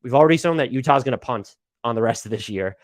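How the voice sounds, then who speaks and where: A man's voice: mid-range voice, fast, dry recording, studio quality. A man hosting a live basketball talk stream, casual and rambling, swearing and stammering with lots of fillers. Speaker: NBA podcast host.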